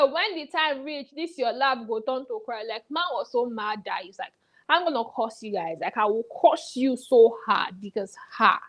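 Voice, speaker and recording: A young woman chats through entertainment gossip as a presenter. Her voice sits high, and she teases her viewers and acts out the people she quotes. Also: poor audio. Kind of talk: chatty celebrity gossip commentary.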